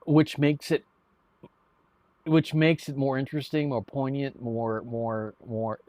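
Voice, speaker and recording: A man's voice: mid-range voice, little pitch movement, slow pace, a little mellow, dry recording. Rambling male streamer, dry close sound. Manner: rambling, many restarts and repeated words. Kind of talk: casual live-stream chat to viewers. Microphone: streaming mic.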